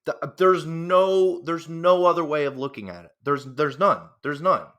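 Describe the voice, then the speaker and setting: A man's voice: fairly high pitch, normal speed, a bit bright. Heated, foul-mouthed man ranting. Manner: heated, profane and repetitive. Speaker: reaction commentator. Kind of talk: angry reaction rant.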